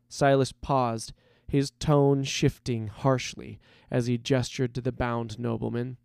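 A man reads a dark fantasy tale at an unhurried, measured pace, leaning into the drama. His voice is smooth and crisp, recorded dry and close with no room sound, in an audiobook style. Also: mid-range voice, level tone, no room sound. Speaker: narrator. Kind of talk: scripted story narration.

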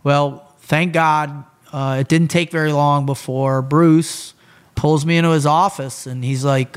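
A middle-aged man recounts his past in a relaxed, conversational podcast chat. He swears casually and slips in and out of quoted dialogue, keeping the story animated. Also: on the high side, a little slow, smooth. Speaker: podcast guest.

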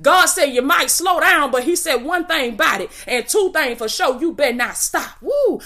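A woman's voice: sits high, expressive, normal speed, bright, forceful tone. A woman preaching an impassioned video sermon in a folksy, rhythmic way, calling out "come on now" and "baby" and whooping between phrases.

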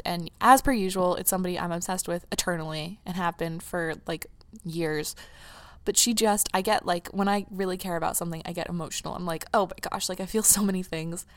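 A woman's voice: on the low side, a little fast, no room sound. A young woman in her teens hosting her own casual podcast, gushing and rambling emotionally with restarts, close to tears. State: near tears. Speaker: podcast host. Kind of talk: casual solo podcast chat.

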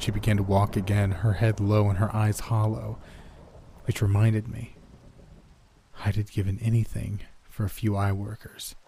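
A man narrating a first-person horror story in a measured, somber way. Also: on the low side, dark tone.

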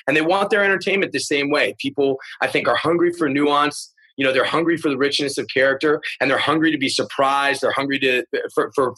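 A man's voice: mid-range voice, pushed and bright, husky. A man who is an actor, speaking as a guest in a casual interview, earnest and full of stammering restarts as he works through his thoughts.

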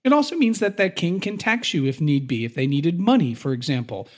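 A man co-hosting a casual podcast, explaining medieval history in plain terms and now and then acting out quick quoted voices. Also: a little high, sing-song. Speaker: podcast co-host.

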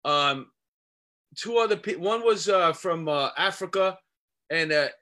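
Ny actor guy, bright punchy voice, all fired up, lots of uh and you know. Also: fairly high pitch, a little slow. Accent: New York. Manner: emphatic, animated, many fillers. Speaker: actor, co-host. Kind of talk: casual chat.

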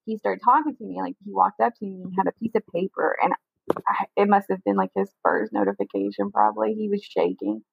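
A woman's voice: medium pitch, lively intonation, brisk, gravelly, slightly rough, no room sound. A young woman telling a personal story as an interview guest, candid and rambling, with "like" in almost every sentence. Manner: candid, rambling, heavy use of "like". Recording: dry, phone-like narrow sound.

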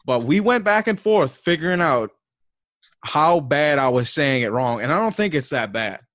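Slightly high-pitched and expressive, this Southern American man hosts a laid-back podcast at a moderate pace with a somewhat bright tone. He tells rambling, foul-mouthed stories stuffed with "like" and laughs often. Clean studio sound, no echo.

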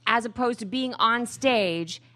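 A woman from the Netherlands co-hosting a radio show, measured and plain in correcting others. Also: a little high, sharp tone. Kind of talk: casual studio chat.

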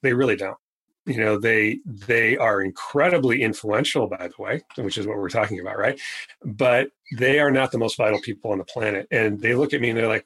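Husky-voiced man, emphatic podcast guest. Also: on the low side, a bit bright, poor audio. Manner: emphatic, repeats catchphrases slowly for stress. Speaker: podcast guest, orthopedic surgeon. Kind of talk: conversational podcast interview.

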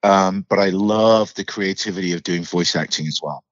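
A man with a low voice and a mid-Atlantic accent that blends British and American, talking as a podcast guest. He tells his stories in an animated, unfiltered way. The sound is dry and a little dull, like a remote call. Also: normal speed, no echo. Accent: mixed British and American, mid-Atlantic. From United Kingdom. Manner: animated storyteller, swears freely, acts out quoted voices. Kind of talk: casual interview chat.

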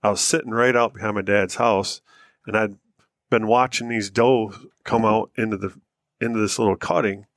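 A man's voice: on the low side, steady tone, moderate pace, fairly bright tone, no echo, clean studio sound. An American man co-hosting a podcast, chatting in an easygoing, laid-back way. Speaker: podcast co-host. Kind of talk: casual chat.

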